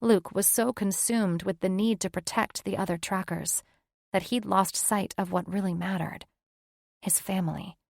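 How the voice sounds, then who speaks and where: A woman narrating a fantasy romance audiobook in an even, measured way. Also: medium pitch, creaky, dry recording, studio quality. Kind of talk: scripted narration.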